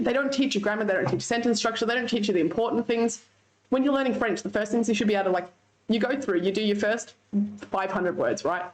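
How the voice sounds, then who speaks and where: Chatty Australian woman streamer. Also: mid-range voice. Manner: chatty, swears freely, laughs often. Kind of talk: casual chat with live chat.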